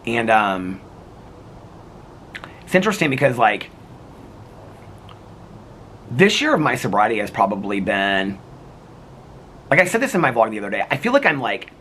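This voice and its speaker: A man's voice: mid-range voice, sing-song, normal speed, long pauses, sharp tone, slight background noise. A man talking to camera in a casual, reflective vlog, rambling with lots of restarts and fillers. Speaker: vlogger.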